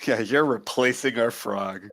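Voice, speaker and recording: A man's voice: medium pitch, unhurried, gravelly, fairly bright tone. A man playing a tabletop game, joking wryly with the others. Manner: wry and joking. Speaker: player. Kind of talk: casual banter at a tabletop game.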